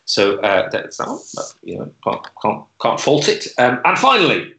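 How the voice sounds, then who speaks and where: A man hosting an online comedy club, delivering deadpan stand-up in a hesitant way with lots of filler words. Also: mid-range voice, moderate pace, echoey room, rough recording. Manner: hesitant, many fillers and restarts, dry delivery.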